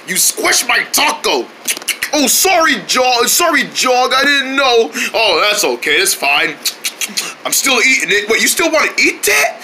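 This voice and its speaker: A man's voice: high voice, big pitch swings, measured pace, sharp tone, a little hiss or hum. A man voicing goofy cartoon characters in playful, sing-song banter.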